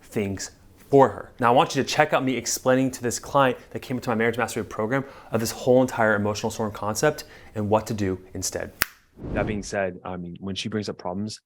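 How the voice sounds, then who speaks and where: A man working as a marriage therapist, giving a lively coaching lesson in a chatty way and acting out quoted voices. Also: lowish voice, a little fast. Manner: lively, acts out quoted voices, chuckles often; conversational, frequent fillers like "like" and "right".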